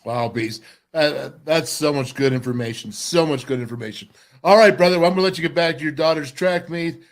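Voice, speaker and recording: A man's voice: on the high side, a little fast. A man hosting a college football radio show, interviewing a guest with enthusiastic, hype-filled sign-offs. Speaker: sports radio host. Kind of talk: casual interview.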